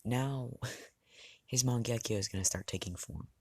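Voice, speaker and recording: A man casually narrating a fan-made story, halting and rambling with restarts and asides. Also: mid-range voice, no echo.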